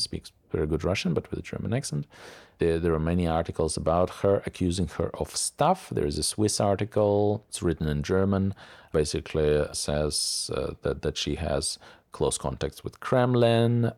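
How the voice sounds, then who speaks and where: Middle-aged man, very deep bass voice, dry close recording, measured and opinionated commentary. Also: a little mellow, dry recording. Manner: deliberate and opinionated, often repeats words as he talks. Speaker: commentator reviewing media sources. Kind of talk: unscripted monologue commentary.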